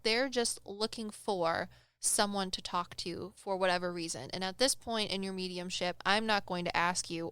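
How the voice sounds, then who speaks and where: A young woman casually telling a personal story on a podcast, animated and acting out the people she quotes. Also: medium pitch, clean tone, dry recording. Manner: animated, acts out quoted voices, laughs often. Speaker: medium telling stories on a podcast.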